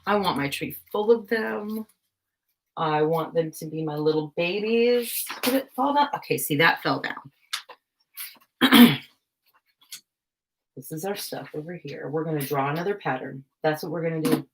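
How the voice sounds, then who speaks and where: A young woman talks through a craft live stream in a slightly low voice. She is scatterbrained and self-mocking, breaking into frequent laughs. The talk stays casual and chatty. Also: normal speed, pauses often, a little hiss or hum. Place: home craft room.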